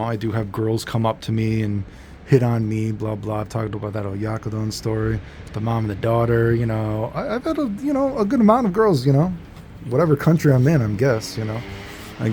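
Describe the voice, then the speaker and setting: With a dark tone and lively intonation, a male vlogger at a moderate pace spins a casual, rambling tale, easygoing and full of fillers and self-corrections. His voice is mid-range, and slight background noise can be heard.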